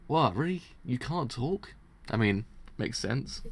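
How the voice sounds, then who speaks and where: A man hosting a live manga reading stream, reacting with excited swearing and loose, rambling commentary. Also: mid-range voice, a little slow.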